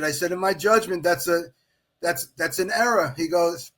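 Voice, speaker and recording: Speaking at normal speed in a slightly high voice, a middle-aged official baseball scorer guests on a podcast. He tells a long story in a casual, animated way, voicing the words of others as he goes.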